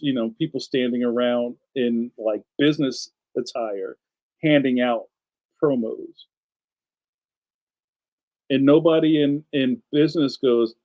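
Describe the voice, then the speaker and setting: A middle-aged man hosting a casual live stream, ranting in an animated way and reading viewer comments aloud. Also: medium pitch, lo-fi sound. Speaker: live stream host, cartoonist.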